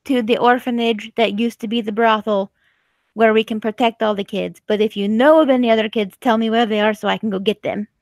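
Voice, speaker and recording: Dry, higher-pitched female player. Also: steady tone, darkish tone, no echo. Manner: urgent, quick to act. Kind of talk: tabletop game play.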